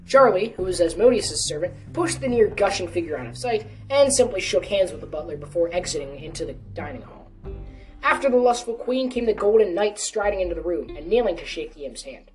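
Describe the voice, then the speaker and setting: A woman's voice: on the low side, expressive, fairly quick, a little mellow. A woman narrating a story in a casual reading voice, now and then correcting herself. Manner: casual, with small self-corrections. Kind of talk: storytelling reading of a fan fiction. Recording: distant mic with faint music.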